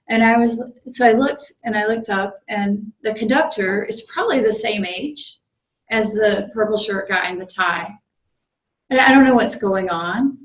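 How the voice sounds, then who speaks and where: A woman with a somewhat high voice speaks at a normal pace, though the recording is rough. She's a Zen priest giving a conversational dharma talk in a meditation group room, telling a personal story full of ums and restarts.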